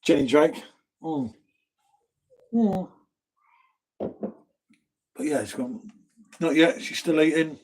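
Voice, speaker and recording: Chatty southern English man, higher voice. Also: lively intonation, very slow, pauses often, a little mellow. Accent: southern English, from near London. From England. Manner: chatty, laid-back, reads viewer comments, says mate a lot. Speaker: live stream pub host. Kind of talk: casual live stream chat.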